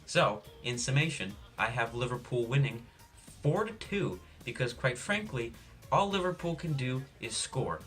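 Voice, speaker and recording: A young man giving a jokey, rambling sports preview, deadpan with self-mocking asides. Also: mid-range voice, unhurried, soft background music. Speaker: sports vlogger.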